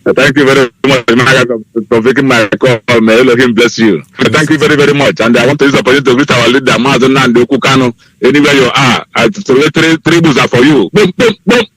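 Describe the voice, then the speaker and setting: A man's voice: mid-range voice, fairly even intonation, fast talker, hardly any pauses, fairly bright tone, no room sound. A man calling into a radio show, pleading fervently and repeating his appeals over a phone line. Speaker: caller. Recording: dry phone call.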